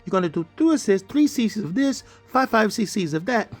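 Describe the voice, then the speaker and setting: A man doing a brisk lecturing doctor. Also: high voice, animated, faint music behind, pitched above the performer's own voice. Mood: instructive. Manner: instructional, giving dosages.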